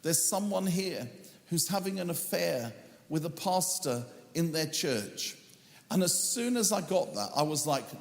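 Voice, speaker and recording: A man's voice: a little high, lively intonation, normal speed, creaky, reverberant, long reverb tail. A man preaching a sermon as a pastor, telling a story earnestly and acting out the lines he once spoke. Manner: earnest storytelling, acts out his own quoted words.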